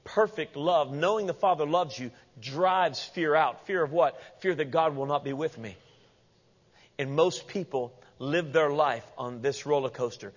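A man preaching in a fairly high voice, lively and playful, slipping into other people's voices as he quotes them. His sermon rings through a large hall with long reverb, and the recording sounds dull and lo-fi. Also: normal speed. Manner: animated, acts out quoted voices with humorous asides. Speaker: pastor.

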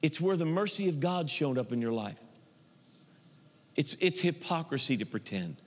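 A high-pitched male pastor delivering a lively sermon. He teases old-fashioned prayer talk as he preaches. His voice rings with the long reverb of a church hall. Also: normal speed.

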